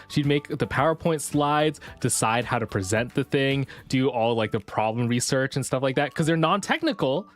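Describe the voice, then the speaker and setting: A streamer in a casual chat stream, telling stories in an animated, ranting way. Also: mid-range voice.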